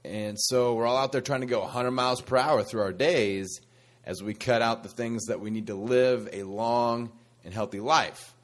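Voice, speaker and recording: A man's voice: mid-range voice, steady tone, moderate pace. A man hosting a motivational fitness podcast, coaching listeners in an upbeat, teasing and sassy way.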